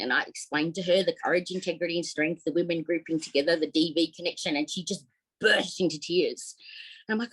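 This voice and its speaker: A middle-aged Australian woman telling her story as a podcast guest, heartfelt and animated, with many fillers. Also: lowish voice, brisk, husky, low-quality recording. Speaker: podcast guest, op shop owner. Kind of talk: casual interview storytelling.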